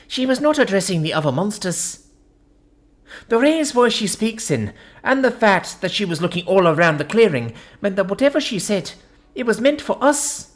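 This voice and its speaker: A woman reading a first-person science-fiction story aloud in an expressive, dramatic narration. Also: medium pitch, normal speed.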